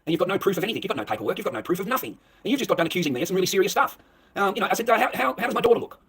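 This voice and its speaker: A husky-voiced man vents to his viewers at a rapid clip, his speech a touch higher than most men's. He swears freely and sounds heated and agitated. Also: sing-song, a bit bright. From Australia. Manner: talks straight to the viewer. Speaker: vlogger. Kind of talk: direct-to-camera rant.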